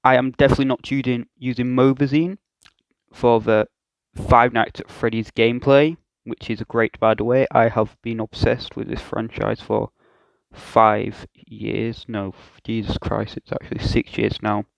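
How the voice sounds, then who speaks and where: A man's voice: medium pitch, little pitch movement, gravelly, no room sound, rough recording. Self-mocking young man reacting to clips. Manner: self-mocking, hesitant, halting restarts. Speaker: YouTube reaction host. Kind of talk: reaction commentary.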